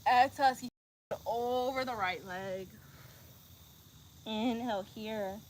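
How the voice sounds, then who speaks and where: A woman's voice: fairly high pitch, a little slow, slight background noise. A woman guiding a yoga class, cueing breaths and poses while doing them herself, a little out of breath, encouraging and casual. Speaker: yoga instructor.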